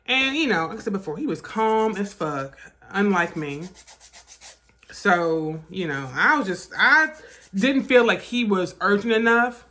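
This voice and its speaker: A woman telling a story straight to camera, her voice sitting at an ordinary middle pitch. She is animated and emphatic, and she swears freely as she talks. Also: a little slow. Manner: animated, profane, emphatic retelling. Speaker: vlogger. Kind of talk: casual storytime narration.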